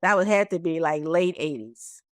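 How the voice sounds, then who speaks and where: A middle-aged actress telling stories as a guest in an interview, acting out the voices of people in them. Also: female voice, sits low, moderate pace, dry recording. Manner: animated, acts out voices in her stories. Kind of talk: storytelling interview.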